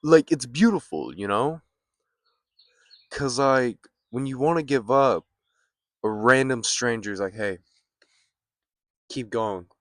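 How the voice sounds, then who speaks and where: A young man vlogging in a laid-back, rambling way, with many fillers and pauses. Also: mid-range voice, lively intonation, a bit bright, no echo, studio quality. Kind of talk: casual vlog talk. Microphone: phone or camera mic, built-in mic.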